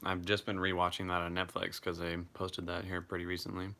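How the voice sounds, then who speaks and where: Deep, bright-toned young man chatting. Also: a little fast. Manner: relaxed, chatty, swears freely. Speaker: live streamer. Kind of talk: casual live chat reading comments.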